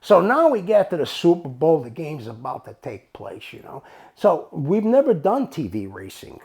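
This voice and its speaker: A man's voice: on the high side, normal speed, creaky. A man telling a casual, profane story, acting out both sides of the dialogue. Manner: animated, profane, acts out dialogue. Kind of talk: casual spoken anecdote.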